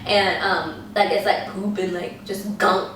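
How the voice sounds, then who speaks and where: A young woman vlogger telling a story casually and animatedly, acting out what people said in high voices. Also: fairly even intonation, a little slow, a bit bright, a little hiss or hum. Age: young adult. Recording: echoey room, voice a bit far from the mic.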